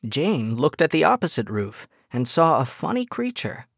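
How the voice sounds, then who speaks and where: A woman narrating a children's bedtime story in a gentle, expressive way. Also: low-pitched, moderate pace, vocal fry, slightly rough, no room sound, studio quality.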